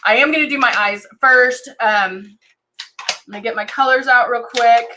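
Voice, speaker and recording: A woman's voice: on the high side, normal speed, pushed and bright, a little hiss or hum. A woman hosting a casual live-stream makeup tutorial, chatting with lots of ums and greeting viewers by name as she works. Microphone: desk camera and monitor setup.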